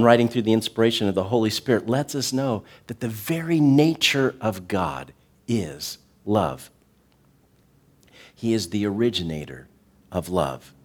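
A man preaching a sermon as a pastor, earnest and direct with the congregation, slowing down to stress key words. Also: mid-range voice. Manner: talks directly to the congregation with asides.

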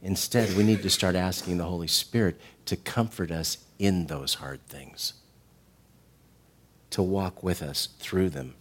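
A middle-aged man delivers a sermon in a fairly low voice. He preaches with real animation, climbing to loud, emphatic peaks before dropping back into soft, tender stretches. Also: a little slow, breathy edge. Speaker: pastor.

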